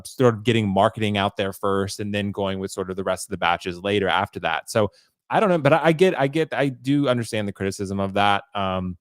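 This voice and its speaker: A man hosting a casual podcast chat. He talks in a measured, hedging way and often says "I don't know.". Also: lowish voice, no room sound, clean studio sound. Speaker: host.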